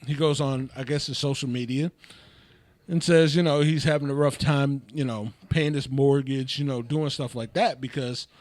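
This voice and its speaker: A man's voice: medium pitch, steady tone, moderate pace, a little mellow, no room sound. A man co-hosting a podcast in casual chat, recounting a story at an easy pace with lots of fillers. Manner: laid-back storyteller, many fillers and laughs, patient pushback. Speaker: podcast co-host.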